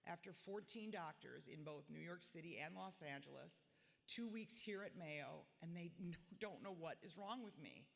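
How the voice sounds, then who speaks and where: A woman's voice: deep voice, normal speed, creaky. A woman in her forties giving a speech at a gala in a large hotel ballroom, blunt and self-mocking. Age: 40s. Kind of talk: reading a personal diary-style speech. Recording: reverberant ballroom, long echo.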